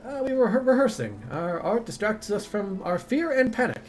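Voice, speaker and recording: A man's voice: high-pitched, sing-song, normal speed, slight background noise, pitched above the performer's own voice. A proud old dwarf woman who runs a theater troupe, voiced by a man reading game dialogue aloud, talking in a lifted, swooping voice. She stays fussy and grand, every phrase delivered like it belongs on a stage. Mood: grand, dignified.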